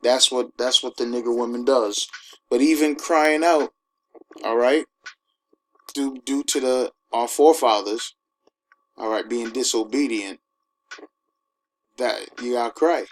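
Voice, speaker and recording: A man giving an informal sermon, emphatic and conversational, who keeps asking his listeners "all right?" and slows down to read scripture. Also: medium pitch, fairly bright tone, a little hiss or hum, low-quality recording. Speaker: preacher.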